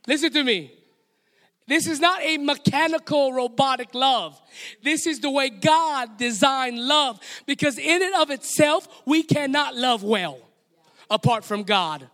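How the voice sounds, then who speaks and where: A Hawaiian-accented man preaches with a strikingly high voice, leading the congregation in call-and-response. His words ring out through a long reverberant hall. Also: animated, unhurried, pushed and bright. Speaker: pastor. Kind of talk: sermon. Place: church sanctuary.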